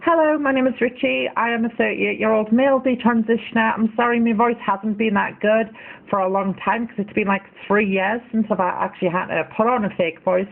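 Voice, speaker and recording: A man in his thirties putting on a high, soft feminine voice by raising his larynx. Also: fairly even intonation, brisk, vocal fry. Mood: apologetic. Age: 30s. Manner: larynx-raised falsetto-like voice. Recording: tinny phone-like audio.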